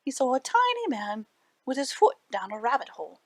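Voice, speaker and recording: A woman reading folktales aloud to children at a library storytime, animated and breaking into hushed asides. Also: high-pitched, brisk, no echo.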